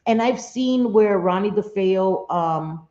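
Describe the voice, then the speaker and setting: A middle-aged woman hosts a casual livestream chat, her mid-range voice warm and slow as she talks freely to viewers at home. She's chatty, swears, laughs often, and reads their messages aloud. The stream audio is roomy, dull, and lo-fi.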